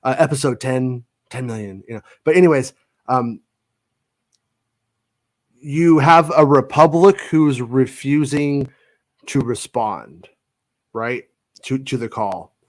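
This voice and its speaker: A man of middle pitch chatting casually on a podcast. He talks in quick, animated bursts and often restarts his sentences mid-thought. His voice sits at an ordinary level and pitch for a man. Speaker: podcast co-host. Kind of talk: casual chat.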